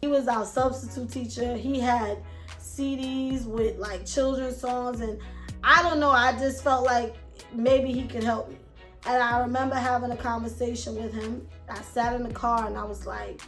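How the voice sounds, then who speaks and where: A woman, telling her story to camera in an animated way and acting out her old thoughts with swearing. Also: fairly high pitch, normal speed. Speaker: vlogger and self-published author. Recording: echoey room with music playing behind.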